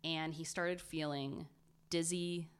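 Lower-voiced woman co-host, chatty storyteller. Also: slow, clear, resonant tone. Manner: animated retelling, drops to a hush at tense moments. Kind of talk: casual storytelling chat.

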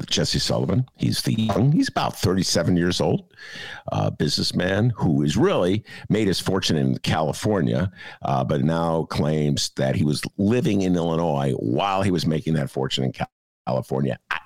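A man's voice: extremely low pitch, gravelly, no room sound. A man co-hosting a political podcast, ranting sarcastically about the week's news. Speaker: podcast co-host. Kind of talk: casual political commentary.

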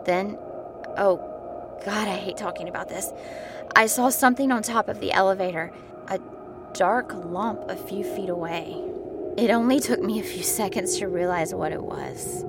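A woman's voice: medium pitch, normal speed, very noisy. A woman narrating a first-person scary story, building tension and sometimes dropping to a whisper. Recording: clear music bed behind voice.

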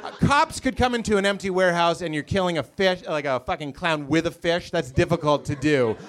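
High-voiced man doing loud stand-up. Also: a little fast, slight background noise. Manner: loud, swings from shouting to low mumbling. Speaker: stand-up comedian. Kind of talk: stand-up set. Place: comedy club with live audience. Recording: live crowd laughing. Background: audience laughter.

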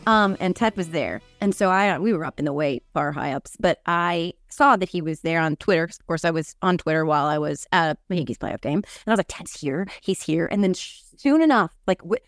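A woman's voice: on the low side, expressive, brisk, hardly any pauses, no room sound, studio quality, soft background music. A middle-aged woman hosting a podcast, chatting casually about politics, swearing and acting out quotes in big voices. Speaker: podcast host.

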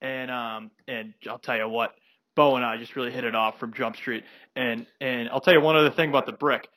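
Young guy rambling thru a story on a podcast, bright punchy voice, dead dry sound. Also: medium pitch, steady tone, fairly quick, no echo. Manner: rambling, filler-heavy anecdotes. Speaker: podcast co-host. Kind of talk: casual storytelling chat.

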